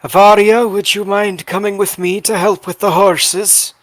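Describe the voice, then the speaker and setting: A man's voice: sits high, flat delivery, a little slow, dry recording. A man narrating his character's actions as a player in a tabletop game.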